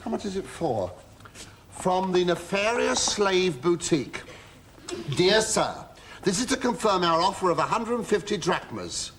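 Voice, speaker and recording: A man's voice: sits high, sing-song, measured pace, a bit bright, exaggerated voice. A middle-aged actor playing a put-upon male household slave in a studio sitcom, full of camp, self-pitying asides and mock outrage. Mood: chatty. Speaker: lead comic actor in a sitcom. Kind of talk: 1970s studio sitcom acting with audience asides. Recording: noisy old TV studio tape with audience laughter.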